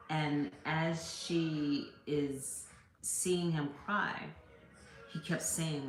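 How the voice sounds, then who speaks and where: A woman with a strikingly deep voice speaks slowly and earnestly, reading tarot and sharing a heartfelt story with her viewers. She hesitates often and restarts her sentences. The sound rings in an echoey room. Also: fairly even intonation, slight background noise. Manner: hesitant, many fillers and restarts. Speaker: tarot card reader.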